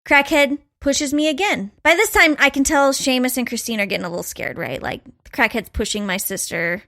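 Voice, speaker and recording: A woman co-hosting a podcast, telling a story in a casual, animated way, laughing often and acting out quotes. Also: high voice, fairly quick. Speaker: podcast co-host.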